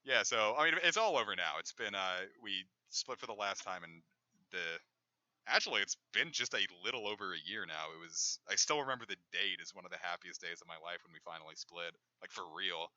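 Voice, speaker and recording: A man with a fairly low but very bright, cutting voice talks through a game stream. He rambles candidly, full of fillers and swearing. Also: lively intonation, fairly quick, no room sound, lo-fi sound. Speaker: let's play streamer. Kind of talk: casual gameplay commentary.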